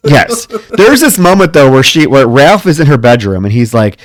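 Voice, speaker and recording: Animated man recapping a film. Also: mid-range voice, a little fast, few pauses, no echo. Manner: animated retelling, acts out the characters' lines. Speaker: podcast co-host. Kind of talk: casual film-review chat.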